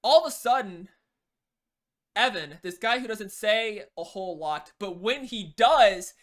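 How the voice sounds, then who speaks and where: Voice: mid-range voice, a bit bright. Rambling coach explaining team play. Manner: rambling, full of "you know" and restarts. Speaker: game coach. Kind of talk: casual spoken lesson.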